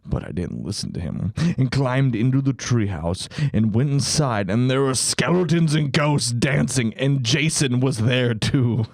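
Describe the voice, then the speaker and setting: Guy reading creepy stories for laughs on a podcast, lowish voice, hams it up, dry close sound. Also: normal speed, hardly any pauses, a little mellow, dry recording. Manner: reads aloud with mock-dramatic voices and laughter. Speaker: podcast co-host. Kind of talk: comedic reading of scary stories.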